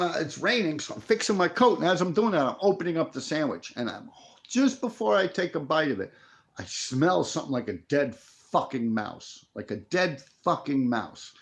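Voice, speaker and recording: A man's voice: on the high side, vocal fry. A middle-aged man, telling profane street stories on a live stream. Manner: profane, streetwise, answers viewer chat. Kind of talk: casual rambling storytelling.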